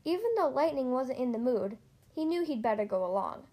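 A woman reading a children's storybook aloud in a gentle, expressive way. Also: sits high, fairly quick. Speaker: storybook reader.

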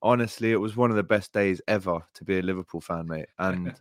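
A man's voice: sits low, fast, dry recording, clean studio sound. A man co-hosting a podcast in casual chat, enthusiastic and heartfelt, often calling his co-host "mate" and "bro". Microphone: podcast microphone.

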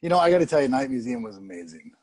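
A middle-aged man from Canada, an actor, telling candid, animated stories about film sets in a casual interview and swearing freely. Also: on the high side, very fast, creaky, no room sound. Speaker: actor guest.

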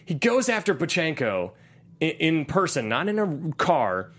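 A man co-hosting a casual movie podcast, recapping scenes with lively retelling and dropping into gruff quote voices. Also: measured pace. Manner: animated, drops into low gruff voices for quotes. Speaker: podcast co-host.

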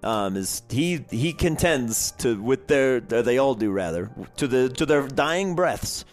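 A young man narrating a tabletop game as game master, in a relaxed, filler-heavy storytelling manner. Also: mid-range voice, unhurried, hardly any pauses, soft background music.

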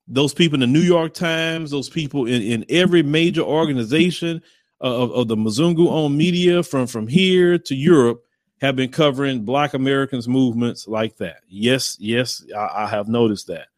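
Male host, casual commentary. Mid pitch, blunt and rambling, with repeated phrases. Dry, close sound. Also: moderate pace, no echo.

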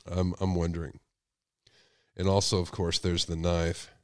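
A man's voice: low-pitched, level tone, a little slow, no room sound, studio quality. Sick man hosting a call-in show. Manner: speculative, asks rhetorical questions. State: sick with a cold. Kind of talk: casual call-in show talk.

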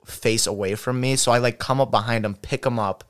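A man's voice: medium pitch, steady tone, brisk. A young man casually telling a rambling story, quoting friends and family along the way. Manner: rambling anecdote full of quoted voices.

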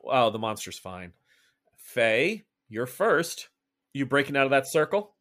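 A man running a tabletop horror game as game master, narrating slowly and deliberately. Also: medium pitch, sing-song, fairly bright tone. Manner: slow, deliberate descriptive narration.

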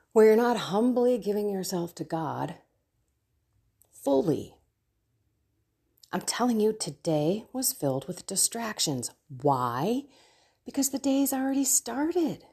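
This devotional podcast host, a middle-aged woman and faith coach, has a mellow, medium-pitched voice with a breathy edge. She speaks casually yet earnestly about how she prays, sharing personally and exhorting her audience.

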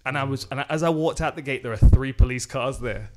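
A man's voice: medium pitch, fast. A man co-hosting a casual chat and telling a long anecdote at an easy pace. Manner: relaxed anecdote teller who quotes himself. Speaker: podcast co-host.

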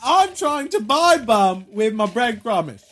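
A man's voice: very high-pitched, very animated, a little slow, a bit bright, exaggerated voice. A man putting on a mock Cockney accent as a scruffy male pub-goer begging for bread, in an exaggerated, giggly way. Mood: pleading.

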